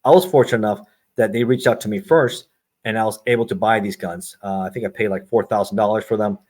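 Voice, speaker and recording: A middle-aged man with a fairly low voice rattles through his stories at a quick clip. He is a retired agent speaking as a podcast guest, and he slips into the voices of the people he quotes. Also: steady tone, darkish tone. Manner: brisk storyteller who acts out quoted dialogue. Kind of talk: storytelling in a podcast interview.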